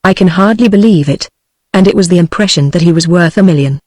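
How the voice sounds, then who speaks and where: A synthetic woman's voice with a British accent, reading the lines of a prim, gentle elderly aunt in a text-to-speech audiobook. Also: on the low side, fast talker, dry recording, studio quality, natural voice. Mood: mild. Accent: British English.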